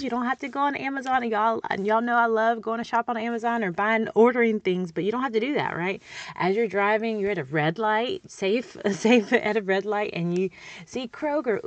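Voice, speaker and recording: A woman's voice: mid-range voice, no echo, muffled recording. Brief woman, cheerful speech therapist teaching parents, dry close sound. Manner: upbeat, chatty, encouraging, checks in with "okay?". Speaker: speech-language pathologist. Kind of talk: parent coaching tutorial.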